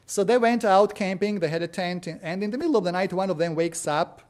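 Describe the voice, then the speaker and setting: High-voiced man telling sermon stories. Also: brisk, a little mellow. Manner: storytelling, frequent "uh" and "you know". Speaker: preacher. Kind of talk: sermon with anecdotes.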